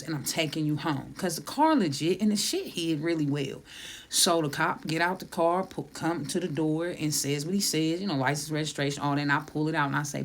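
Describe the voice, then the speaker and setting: Low-voiced woman telling a wild story. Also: creaky. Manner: laughs through the story, swears a lot, acts out quotes. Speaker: comedian. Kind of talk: profane stand-up storytelling.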